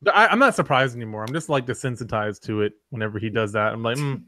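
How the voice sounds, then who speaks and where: A man's voice: medium pitch, quick pace. A man hosting a casual live gaming show, teasing his co-hosts and pushing the conversation along. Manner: animated, teasing, pushy. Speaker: podcast host.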